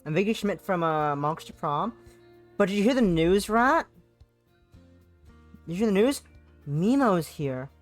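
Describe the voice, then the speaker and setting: Live streaming a visual novel, a young adult woman game streamer reads it aloud and chats playfully, rambling, repeating herself, and slipping into sing-song bits. Her voice is on the low side, animated, and a little slow, with long pauses over soft background music.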